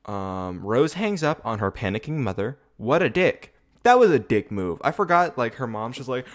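A man's voice: fairly high pitch, sing-song, unhurried. A man in his twenties hosting a casual rewatch video, rambling, swearing and laughing often as he talks. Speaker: video podcast host. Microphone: camera setup.

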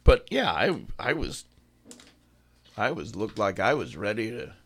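A man's voice: fairly low pitch, sing-song, unhurried, background noise. An older man hosting a radio show, chatting casually in a rambling, self-mocking way and laughing often. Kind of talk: casual on-air chat.

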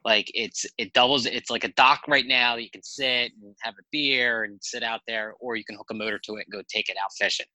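Very bright-voiced man telling rambling stories. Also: mid-range voice, a little fast, few pauses, no room sound, rough recording. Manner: animated, rambling anecdotes with profanity. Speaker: podcast guest. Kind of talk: casual storytelling chat.

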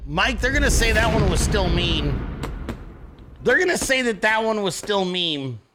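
Guy host going off crudely, really high pitch, swings all over the place. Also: very animated, a little slow, noisy background. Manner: crude, mocking, loud impressions. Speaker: podcast host. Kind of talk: ranting commentary.

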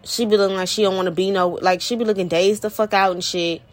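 A woman's voice: medium pitch, steady tone, quick pace, faint music behind. A woman podcast host, ranting bluntly and profanely in a heated monologue.

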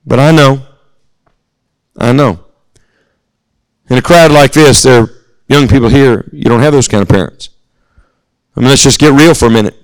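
An American man from the United States preaches a sermon at a youth camp in a mid-range voice at normal speed, pausing often. Earnest and storytelling, he speaks straight to his listeners. The audio is poor, though there's no echo.

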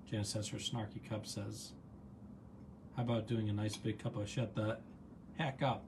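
A man's voice: lowish voice, little pitch movement, normal speed, gravelly, background noise. Chatty man leading a gratitude session. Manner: chatty and encouraging, reads chat comments aloud, rambles into side stories. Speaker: host and coach leading a live online session. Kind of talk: casual guided gratitude practice on a livestream.

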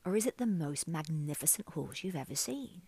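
A woman's voice: low voice, animated, moderate pace, dark tone, husky, exaggerated voice. A woman storyteller voicing a bold, cheeky young woman in rags who teases with challenging questions, in her own everyday voice. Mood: teasing.

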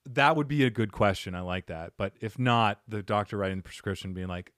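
A man hosting a podcast in casual chat, smooth and well-spoken, with a measured broadcast cadence and self-deprecating humor. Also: on the low side, fairly bright tone, no echo, clean studio sound. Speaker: podcast host.

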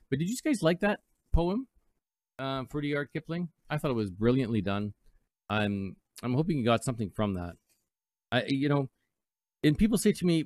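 Low-voiced radio host, rambling. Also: male voice, lively intonation, moderate pace, long pauses, darkish tone, no room sound. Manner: rambling, reflective, with playful mock voices. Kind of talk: casual live radio talk. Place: radio studio.

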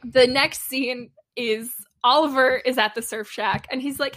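A woman's voice: sits high, a little slow, pushed and bright. A woman co-hosting a podcast, recapping a TV episode in casual chat and laughing often. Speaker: podcast co-host.

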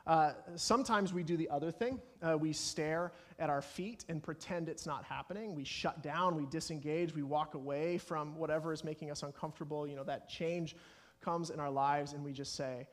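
High-voiced preacher in a reverberant hall. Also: male voice, fairly even intonation, moderate pace. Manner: earnest, acts out anxious prayers in quotes. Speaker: pastor. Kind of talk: sermon.

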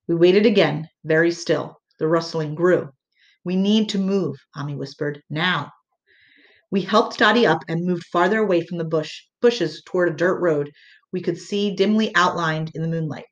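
A woman reads an audiobook with measured, earnest pacing. Her voice sits on the low side, and the recording sounds dull and lo-fi. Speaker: audiobook narrator. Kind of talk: audiobook narration.

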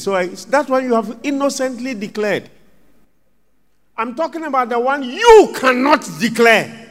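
High-voiced preacher in a reverberant hall. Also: male voice, animated, measured pace. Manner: dramatic swings between loud and hushed, acts out scenes. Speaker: pastor. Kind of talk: sermon. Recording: long reverb of a large hall.

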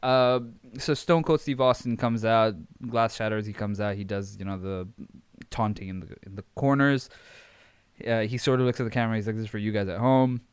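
A man's voice: lowish voice, normal speed, clean tone, no room sound. A young man hosting a podcast, recapping wrestling in a rambling, amused way with many fillers. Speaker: podcast host.

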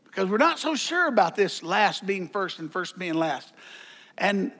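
A man's voice: sits high, very animated, measured pace, fairly bright tone. A man preaching a sermon as pastor, conversational, with joking asides and repeated words.

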